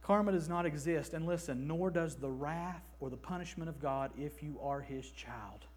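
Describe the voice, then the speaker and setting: A man in his thirties preaching an emphatic, animated sermon in a church, slipping into mock voices. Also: on the high side, normal speed, husky. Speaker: pastor.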